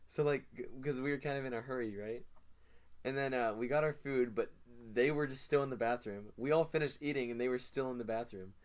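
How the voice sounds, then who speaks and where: A man's voice: medium pitch, a little fast. A teenage boy hosting a podcast, telling a long story with lots of fillers and restarts. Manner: rambling storyteller with many fillers. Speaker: podcast co-host. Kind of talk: casual chat.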